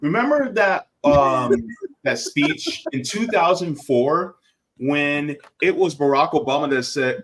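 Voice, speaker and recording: A man's voice: a little high, lively intonation, slow pace, fairly bright tone. A man hosting casual political commentary, full of sarcastic remarks and laughing asides. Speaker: host.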